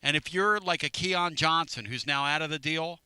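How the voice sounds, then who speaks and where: Male radio host, brash and rambling, bright edge, dry studio sound. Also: fairly high pitch, normal speed, clean tone, dry recording. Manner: brash, rambling, teasing storyteller. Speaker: radio sports talk host. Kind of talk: casual sports radio chat. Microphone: studio microphone.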